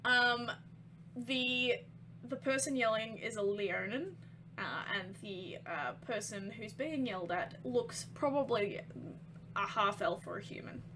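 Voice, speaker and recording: A woman narrating a tabletop game as game master, halting with many ums. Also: a little high, noisy background.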